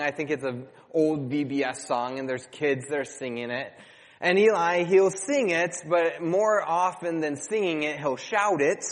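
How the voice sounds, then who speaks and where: A man in his thirties preaching a sermon as a pastor, telling a story in a chatty, animated way. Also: fairly high pitch. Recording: long hall reverb.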